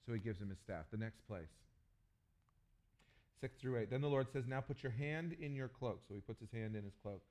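Male pastor, mid-pitched, animated joking sermon delivery with loud bursts. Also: moderate pace. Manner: animated storytelling with jokes and sudden loud bursts.

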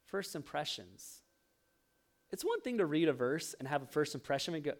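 A man's voice: a little high, very animated, normal speed. A young man preaching a sermon, telling a self-mocking personal story with laughter. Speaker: pastor.

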